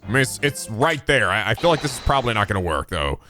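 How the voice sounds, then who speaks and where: A young man chats through a game playthrough in a loose, energetic ramble, dropping the odd swear. His pitch rises and falls in lively swings. Faint game music plays underneath. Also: fast talker. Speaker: let's play host. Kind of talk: casual gameplay commentary.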